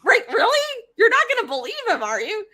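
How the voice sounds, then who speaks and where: A woman's voice: very high voice, wildly swooping pitch, brisk, sharp tone, voice pushed up, heavily acted. A woman doing an outraged older brother god. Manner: exasperated, insistent.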